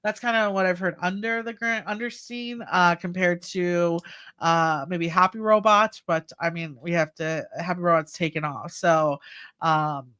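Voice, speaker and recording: A woman's voice: fairly low pitch, steady tone, unhurried, a bit bright, smooth. A woman telling industry stories in a casual podcast chat, with many fillers and restarts. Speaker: guest co-host.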